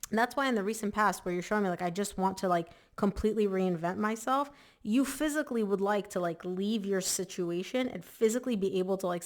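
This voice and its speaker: Chatty woman giving a tarot reading. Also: medium pitch. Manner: chatty, emphatic, filler-heavy. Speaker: tarot reader. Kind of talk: casual tarot reading to camera.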